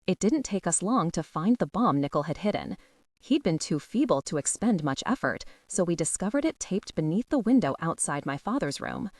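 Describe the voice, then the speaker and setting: Low, expressive woman narrating an audiobook. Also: dry recording, clean studio sound. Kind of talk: first-person audiobook narration.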